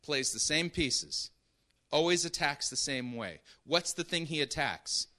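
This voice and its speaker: Bright-voiced, emphatic male preacher. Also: fairly high pitch, expressive, unhurried. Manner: emphatic, keeps checking in with "right?" and "okay?". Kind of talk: sermon.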